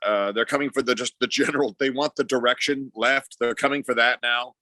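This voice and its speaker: A man's voice: mid-range voice, fairly even intonation, fairly quick, sharp tone, dry recording. A man as a podcast guest in casual chat, making wry, quippy remarks.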